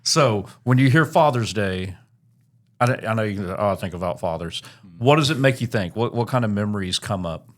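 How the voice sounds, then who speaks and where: A man's voice: fairly low pitch, animated, fairly quick. A middle-aged man hosting a casual church podcast, teasing guests and telling dad jokes. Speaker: podcast host. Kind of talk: casual interview chat.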